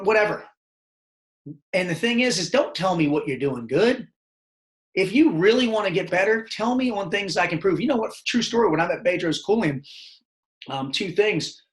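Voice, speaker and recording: A middle-aged man, telling rambling, profane stories as a podcast guest. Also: on the high side. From Baltimore, Maryland. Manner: profane, rambling, animated storytelling. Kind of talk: casual storytelling interview.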